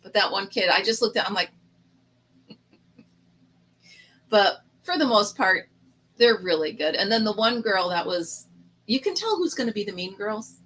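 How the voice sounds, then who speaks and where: A woman's voice: medium pitch, animated, moderate pace, pauses often, a bit bright, low-quality recording. A middle-aged woman hosting a casual live chat stream, telling stories in a chatty way and laughing often.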